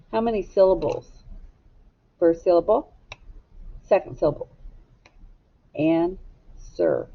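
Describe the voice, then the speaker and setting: Lady teacher doing a kids phonics lesson, super slow, spells every letter out, kinda muffled lo-fi sound. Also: lowish voice. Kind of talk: recorded phonics lesson for young children. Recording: dull lo-fi recording.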